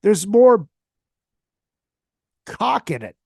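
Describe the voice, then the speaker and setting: A man's voice: high-pitched, sing-song, extremely slow, gravelly, a little mellow, slightly rough, dry recording, clean studio sound. A man hosting a podcast, talking casually with heavy swearing and strong opinions. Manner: profane, opinionated, emphatic. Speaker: podcast host. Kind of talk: casual solo podcast rant.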